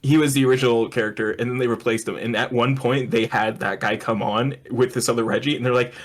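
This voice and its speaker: A man's voice: mid-range voice, quick pace. A man co-hosting a casual comedy podcast, retelling a show scene by scene, laughing often and jumping into voices for the characters. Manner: animated storyteller, quoting characters in put-on voices, laughs often. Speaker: podcast co-host.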